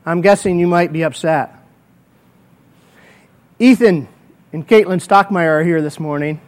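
A man's voice: a little high, measured pace. A male pastor preaching a sermon. He prays earnestly and tells vivid, playful hypothetical stories. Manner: earnest prayer. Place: church.

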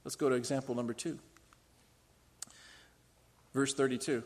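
A male pastor preaching a morning sermon. He tells the stories dramatically, asks the congregation questions and swings between loud and quiet. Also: mid-range voice, fairly even intonation, moderate pace. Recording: long hall reverb.

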